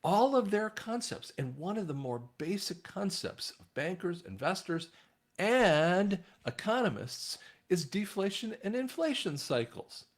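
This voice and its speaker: A man talking casually to his viewers in a rambling monologue, often restarting his sentences. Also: a little slow. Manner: rambling, frequent restarts, animated swings in pitch. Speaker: online commentator.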